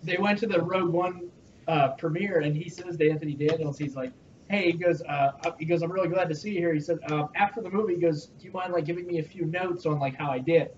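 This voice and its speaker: A man in a casual podcast chat, telling animated stories and swearing freely. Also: on the high side, quick pace. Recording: distant mic, dull sound, faint hiss.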